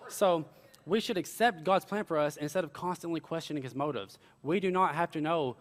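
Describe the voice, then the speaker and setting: A man's voice: fairly high pitch, brisk, big-room sound. A young man preaching a sermon, telling stories with earnest, casual asides. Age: young adult. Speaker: pastor.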